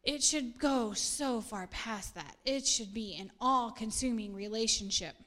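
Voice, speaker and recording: A woman's voice: fairly high pitch, unhurried, fairly bright tone. A middle-aged woman pastor, preaching a casual sermon in an earnest, chatty way and laughing at herself now and then.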